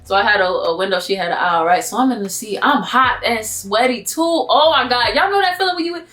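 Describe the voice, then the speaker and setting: A young woman from Miami, telling a vlog story in a casual, animated, slangy way and acting out her own asides. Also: a little high, a little fast, faint music behind. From Miami, Florida. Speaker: vlogger.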